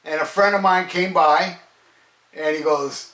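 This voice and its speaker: A man's voice: a little high, fairly even intonation, measured pace, bright, forceful tone. A middle-aged man reviewing a metal album in an enthusiastic, rambling, casual way, swearing freely. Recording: roomy echo, distant from mic.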